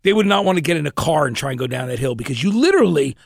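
A man hosting a podcast, telling stories in an animated, emphatic way during a casual interview. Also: fairly high pitch, rapid-fire, gravelly, dry recording, clean studio sound. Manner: animated storyteller, lively and emphatic. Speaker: podcast host.

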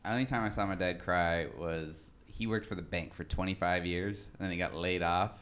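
A man talking casually in a thoughtful, measured way. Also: sits low, steady tone, a bit bright, clear, resonant tone. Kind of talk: casual chat.

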